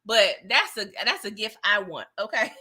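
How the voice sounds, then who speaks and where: A woman's voice: medium pitch, big pitch swings, normal speed, sharp tone. A woman casually recapping a TV episode in a chatty, slangy way, laughing often. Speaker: TV recap reviewer.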